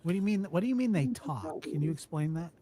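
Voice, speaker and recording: A man's voice: fairly high pitch, lively intonation, quick pace, warm tone, slight background noise. Curious man with a raised voice. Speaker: co-host. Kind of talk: casual call-in chat.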